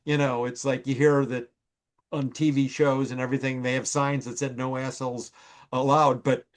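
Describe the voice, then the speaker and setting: A man's voice: medium pitch, little pitch movement, moderate pace. An older man, a TV writer, telling rambling stories on a live stream, full of fillers and acted-out quotes. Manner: rambling storyteller with many fillers, acts out quoted voices. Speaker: TV writer and producer guest. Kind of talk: casual anecdote telling. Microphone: live stream call.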